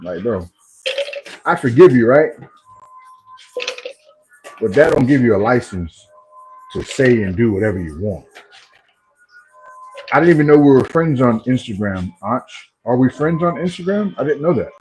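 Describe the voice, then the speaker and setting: A man's voice: medium pitch, normal speed, long pauses, poor audio. A man talking live to his viewers in a loose, playful style, teasing them as he goes. His voice rises and falls a great deal. Faint music plays in the background. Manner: playful trash talk, animated. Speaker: livestream host. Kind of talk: casual live chat with viewers.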